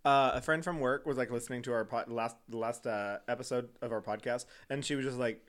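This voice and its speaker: A young man co-hosting a podcast in casual chat, animated and giggly as he tells stories. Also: medium pitch, brisk. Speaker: podcast co-host.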